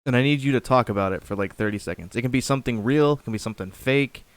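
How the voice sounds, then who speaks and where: A man's voice: mid-range voice, racing, smooth, no room sound. A man co-hosting a podcast, teasing his friend bluntly with lots of swearing in casual chat. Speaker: podcast co-host.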